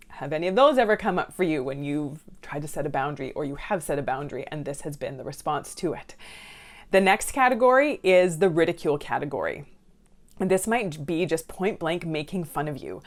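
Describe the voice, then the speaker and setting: Woman counsellor with a low voice, direct and conversational, to camera. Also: expressive, fairly quick. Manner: conversational and direct, asks viewers questions; acts out what family members say. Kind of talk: advice video to viewers.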